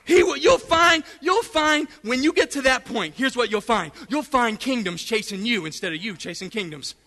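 A man preaching a fiery sermon, calling out to the congregation and shouting at the peaks. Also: very high voice, expressive, normal speed, in a large hall.

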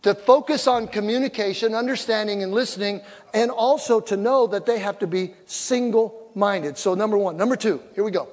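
An older man preaching a sermon as pastor, humorous, and he acts out little quoted exchanges. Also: high voice. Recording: long hall reverb.

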